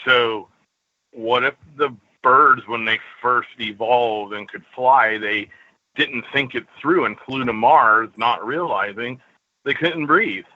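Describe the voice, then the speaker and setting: A man's voice: medium pitch, slow, no echo. A man calling in to a talk show, joking, giggling and meandering through his thoughts. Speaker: caller. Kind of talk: casual call-in chat. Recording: lo-fi dry phone-in audio.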